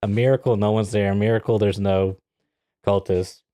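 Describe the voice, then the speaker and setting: He's a podcast co-host with a lowish voice and a moderate pace, recorded with no echo. Telling a story in casual chat, he stays animated, laughing often and performing other people's lines.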